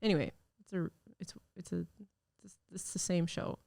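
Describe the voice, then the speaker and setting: Still recovering from being sick, this young podcast host rambles casually on her own show, filling her talk with fillers. Her lowish voice is gravelly and dark, at a normal speed, and the studio recording is dry.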